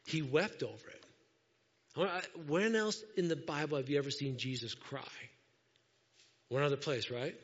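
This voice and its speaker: A man preaching a sermon as pastor to his church, lively and acting out the people he talks about. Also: on the high side, normal speed. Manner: animated, acts out quoted voices. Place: church sanctuary. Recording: dull lo-fi sound with long hall reverb.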